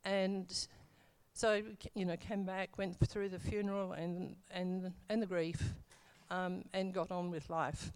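A woman's voice: fairly low pitch, level tone, unhurried, a little mellow, clean tone. A middle-aged woman telling her church testimony in a casual, rambling way, full of fillers and self-corrections.

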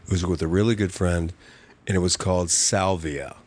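An older man, a comedy writer and podcast guest, telling a story in a vivid, profane and animated way. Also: sits low, normal speed, slightly rough.

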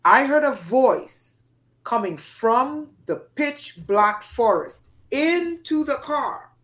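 Animated woman telling a dramatic story. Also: sits high, takes it slowly. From Trinidad and Tobago. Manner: dramatic, emphatic storyteller, acts out voices. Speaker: podcast guest. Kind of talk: storytelling in an interview.

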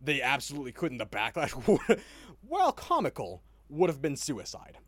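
In this dry recording, a podcast co-host speaks at normal speed with a medium pitch. His casual banter is animated and peppered with swearing and frequent laughs.

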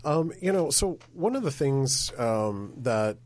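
A man hosting a podcast interview, asking questions haltingly with many fillers. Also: medium pitch, very animated, a little mellow. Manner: halting, many "um" and "you know". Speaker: podcast host.

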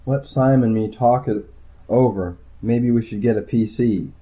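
A man's voice: mid-range voice, moderate pace, dark tone, dull audio, a little hiss or hum, close to an everyday voice. A man voicing a shrewd, sneering male owner of a gambling house. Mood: cool. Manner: sneering, scornful.

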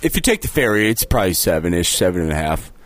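A man's voice: low voice, quick pace, no room sound. A man co-hosting a podcast, trading crude jokes in loose comedic banter. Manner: crude, joking, lively delivery. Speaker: podcast co-host.

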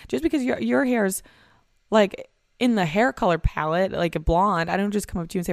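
A woman's voice: medium pitch, a little fast, vocal fry, darkish tone, no room sound, studio quality. A young woman in her twenties talking alone on her podcast, rambling and candid, swearing freely and peppering her talk with "like" while anxious and hungover. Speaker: podcast host. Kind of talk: solo podcast monologue.

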